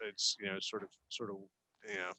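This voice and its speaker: A man's voice: fairly low pitch, fairly quick, vocal fry. A man from South Jersey, a guest in an interview, talking casually with many restarts and easy chuckles. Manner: relaxed, many restarts and fillers, chuckles often. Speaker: interview guest, investor and attorney.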